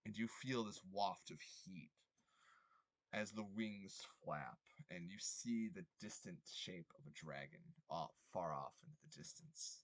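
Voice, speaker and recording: A young man running a tabletop game as game master, rambling with many ums and quick apologies. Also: sits low, no echo.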